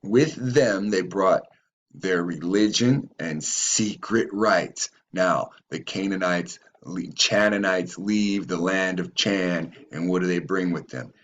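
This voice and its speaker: A man with a deep, slow, slightly bright voice hosts his own channel, reading passages aloud and commenting on them. His commentary is profane and rambling, and he stumbles over names. The audio sounds dull.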